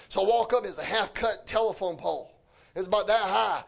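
A man preaching a fervent sermon, often shouting and lapsing into a sing-song cadence. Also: high-pitched, a little fast, creaky.

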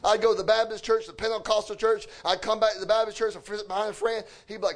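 High-voiced man shouting a fervent sermon. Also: fairly even intonation, fast, few pauses. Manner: fervent, shouting, sing-song preaching. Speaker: preacher.

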